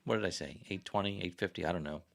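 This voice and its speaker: A man's voice: low-pitched, fast, creaky, a bit bright. A man hosting a casual livestream chat, rambling and chatty and often correcting himself. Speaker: livestream host.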